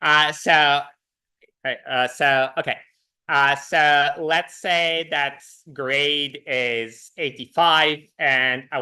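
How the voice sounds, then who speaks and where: A man's smooth, medium-pitched voice fills a lecture hall as he teaches university programming. His style is loose and relaxed, heavy on fillers like "uh" and frequent restarts.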